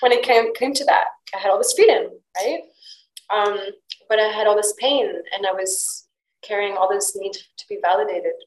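A woman's voice: mid-range voice, normal speed. Open-hearted woman host in an echoey room. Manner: candid, open storytelling with frequent "like". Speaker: podcast host. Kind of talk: casual podcast conversation. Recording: roomy echo.

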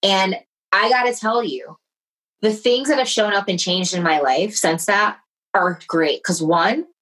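A middle-aged woman in casual conversation, telling a personal story in an animated way and acting out the voices of the people in it. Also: medium pitch, unhurried, poor audio. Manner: animated, acts out quoted voices.

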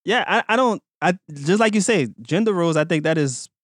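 Man, easygoing podcast co-host, a bit high-pitched, laid-back, dry sound. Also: lively intonation, a little fast, no echo. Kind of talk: casual chat.

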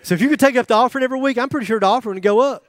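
A man's voice: very high voice, rapid-fire. A middle-aged man preaching a sermon in a joking, conversational way, with asides to the congregation. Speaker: pastor.

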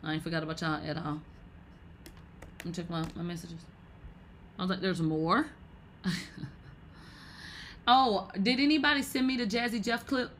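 A woman's voice: on the low side, steady tone, normal speed, pauses often, slight background noise. A woman hosting a casual livestream podcast, talking brashly and profanely in slangy commentary with laughing asides. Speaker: podcast host.

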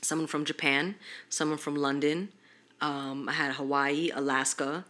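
Animated, bright-voiced young woman. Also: sits low, measured pace. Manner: animated storytelling, heavy swearing, slangy. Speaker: podcast host. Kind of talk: casual chat.

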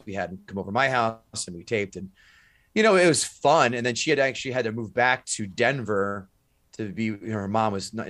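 Animated male stand-up comic telling stories. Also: on the low side. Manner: animated storyteller, acts out voices. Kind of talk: casual storytelling chat.

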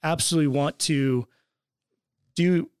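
A man talking as a podcast guest, relaxed and loose, swearing casually and laughing often. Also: on the high side, a little slow, smooth, dry recording, clean studio sound. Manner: laid-back, swears freely, laughs often. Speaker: podcast guest, graphic designer.

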